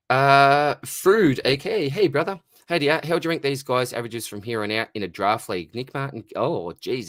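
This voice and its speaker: A man's voice: fairly low pitch, a bit bright, no room sound, clean studio sound. An Australian man hosting a casual live Q&A stream, laid-back and chatty, reading out viewer questions and calling everyone mate. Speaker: fantasy football livestream host.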